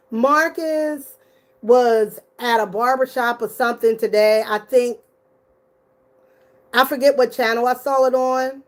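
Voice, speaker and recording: A middle-aged woman giving casual, blunt and profane commentary as a YouTuber. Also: on the high side.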